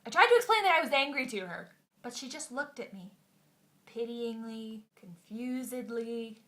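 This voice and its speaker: A young woman talks straight to her camera in a loose, chatty vlog. Her voice sits a little high and rings bright, and she pokes fun at herself as she goes. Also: a little slow. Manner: chatty and self-mocking. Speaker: vlogger. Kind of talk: casual vlog storytelling.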